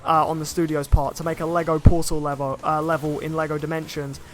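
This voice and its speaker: Young guy streaming a game, kinda high voice, rambly chat, faint game music under him. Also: little pitch movement, quick pace. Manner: chatty, rambling, reads chat comments aloud. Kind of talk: casual live-stream commentary.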